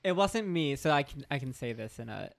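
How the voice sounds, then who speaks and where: Campy guy guesting on a podcast, dry jokes, trails off quiet. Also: medium pitch, animated, fairly quick, vocal fry. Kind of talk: casual chat.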